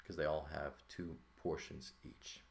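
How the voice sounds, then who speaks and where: A man with a very low, gravelly voice explains a language lesson at an easy pace. He thinks out loud and keeps checking in with the listener. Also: a little slow. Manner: relaxed, thinking aloud with frequent "right?" checks. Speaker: Greek teacher. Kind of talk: casual lesson walkthrough.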